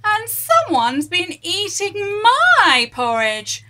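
A woman's voice: very high-pitched, huge pitch swings, takes it slowly, pushed and bright, slight background noise, voice pushed up, full character voice. A woman voicing a fussing mother bear in a storybook reading, in a raised sing-song voice. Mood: indignant.

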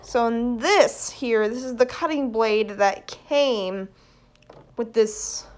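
A woman, vlogging casually at home and excitedly showing things off to her phone camera. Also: on the high side, slow pace. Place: indoors at home.

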